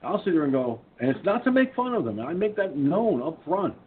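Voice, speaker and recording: A man's voice: on the high side, sing-song, a little fast. A man hosting an online talk radio show, chatting and telling stories about doing voices. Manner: talkative, storytelling, chuckling at himself. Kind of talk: casual chat. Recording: tinny phone-line audio with faint noise.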